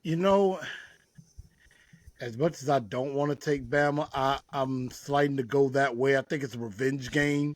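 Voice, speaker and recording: An easygoing man co-hosts a sports chat, his mid-pitched voice recorded dry and close. He talks loosely and leans on filler phrases as he works out his thoughts. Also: unhurried, no echo. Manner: easygoing, leans on "you know". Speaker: podcast co-host.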